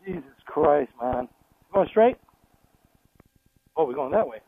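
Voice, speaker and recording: His voice is on the high side and animated, and he takes it slowly as he rides a motorcycle through town and vlogs. The New Yorker jokes around and swears plenty in this casual chat outdoors. No echo, but the sound is tinny and phone-like with loud music.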